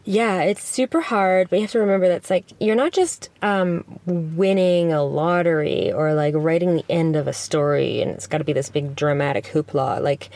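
A woman's voice: low-pitched, normal speed, few pauses, a little mellow, dry recording. A middle-aged woman telling a story in a casual chat, chatty and self-deprecating, laughing often. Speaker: guest.

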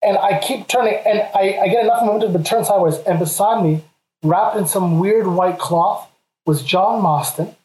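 A man's voice: high-pitched, moderate pace. A man in his thirties telling a comic personal story, laughing as he goes. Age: 30s. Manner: lively, laughs through his own story. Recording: roomy echo.

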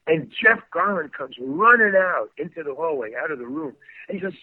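A man's voice: a little high, lively intonation, fairly quick, husky, no echo. A man telling a story in casual chat, stammering and restarting as he acts out the quotes. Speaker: guest actor telling a story. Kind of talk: casual anecdote, animated. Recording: dry, phone-like narrow sound.

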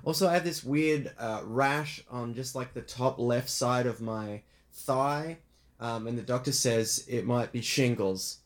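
A man's voice: mid-range voice, unhurried, lightly acted. A man voicing an awkward Australian male caller with a rash, using a silly put-on voice full of hesitant fillers. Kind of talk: comedic prank call bit.

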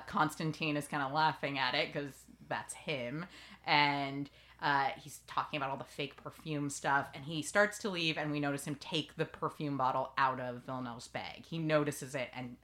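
Low-voiced woman hosting a TV recap. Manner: lively storytelling, acts out quotes. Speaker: podcast host. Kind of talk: casual TV recap chat.

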